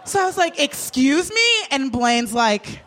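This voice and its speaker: A woman's voice: unhurried, a faint crowd, slight background noise. A young woman in casual chat, telling a story with lots of swearing and acting out what everyone said with big jumps in her voice. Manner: animated, swears freely, acts out quotes with big pitch jumps.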